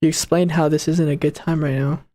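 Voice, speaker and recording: A man's voice: a little high, fairly quick. Slangy young man reacting to a game. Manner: casual slangy banter, excitable outbursts. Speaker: gaming channel host. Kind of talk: let's play commentary, reading game dialogue aloud.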